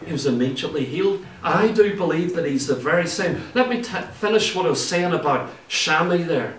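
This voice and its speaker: A man with an Irish accent preaching a sermon, telling stories in a lively way and acting out what people said. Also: fairly high pitch, a little fast. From Ireland. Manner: lively storytelling, acts out quoted speech. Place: church. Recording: echoey church room, mic at a distance.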